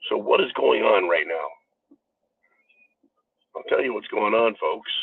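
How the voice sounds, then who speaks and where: A man's voice: on the low side, lively intonation, measured pace, gravelly, slight background noise. An American man giving a political commentary monologue, emphatic and profane, ranting as the host. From United States. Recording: phone-like narrow band.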